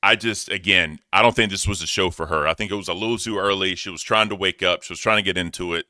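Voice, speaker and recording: A man co-hosting a casual online talk show, animated, loud and blunt, who swears. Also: low-pitched, quick pace, dry recording. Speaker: co-host. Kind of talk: casual chat.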